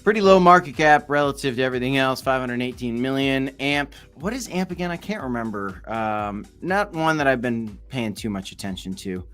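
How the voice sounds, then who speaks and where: A man's voice: mid-range voice, animated, normal speed, few pauses, fairly bright tone, clear, resonant tone, faint music behind. A man hosting a casual crypto livestream, reading and answering viewer chat in a loose, joking way.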